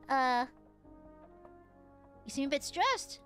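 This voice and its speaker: Playful high-voiced woman streamer. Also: lively intonation, unhurried, over music. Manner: playful, crude, laughs often. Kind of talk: casual game streaming chat.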